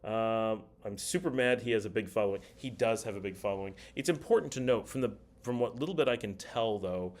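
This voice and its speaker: Chatty low-voiced man hosting a livestream. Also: fairly quick, few pauses. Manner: chatty, reads viewer comments aloud. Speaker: livestream host. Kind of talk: casual livestream chat.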